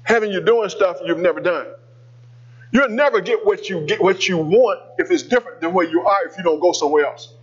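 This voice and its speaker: A man's voice: high-pitched, fairly quick, slightly rough, highs cut off. A male pastor preaching a sermon, telling a personal story in a conversational way and calling out to the congregation.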